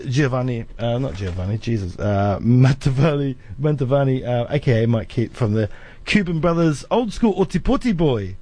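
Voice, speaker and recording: A man's voice: mid-range voice, warm tone. A man with a New Zealand accent hosting a radio interview, friendly and chatty, laughing easily. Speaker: radio host. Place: radio studio.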